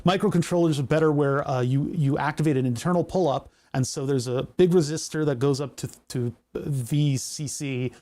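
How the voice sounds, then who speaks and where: Rambling, joking man, slightly high voice. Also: normal speed, few pauses, mellow. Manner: rambling, jokey, thinks aloud through technical steps. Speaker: live streamer building electronics. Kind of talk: casual live-stream chat while working.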